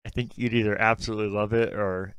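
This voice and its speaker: A man co-hosting a gaming podcast in casual chat, relaxed and thinking out loud. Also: on the low side, fast talker, clean tone, dry recording. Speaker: podcast co-host.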